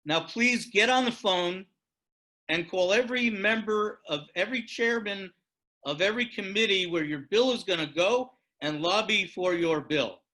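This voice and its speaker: A man's voice: sits high, animated, moderate pace, bright, forceful tone, pitched above the performer's own voice, poor audio. A man doing a blunt Massachusetts politician. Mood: insistent. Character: older male House Speaker, blunt and insistent. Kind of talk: impression in a lecture anecdote.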